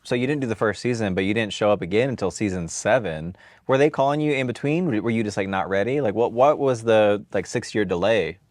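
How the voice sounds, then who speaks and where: A man hosting a casual interview, asking quick, curious questions full of filler words. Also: fairly low pitch, a little mellow, no echo, clean studio sound. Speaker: podcast host.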